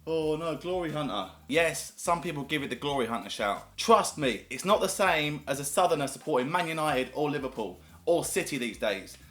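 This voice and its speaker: A man's voice: a little high, expressive, normal speed, few pauses, a bit bright. A man with a southern English accent chatting casually to camera, upbeat and storytelling. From southern England. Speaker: YouTuber. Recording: echoey room with faint music.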